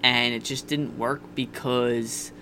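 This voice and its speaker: A man's voice: mid-range voice, flat delivery, slow pace, sharp tone, slight background noise. A young man casually telling a candid, profane personal story on a podcast. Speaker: podcast guest.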